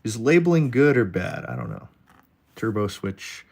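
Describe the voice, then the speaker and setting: A man's voice: on the low side, wildly swooping pitch, moderate pace, gravelly, breathy edge. A man streaming live while he draws, rambling in a jokey way and talking straight to his chat. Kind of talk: casual livestream chat while drawing.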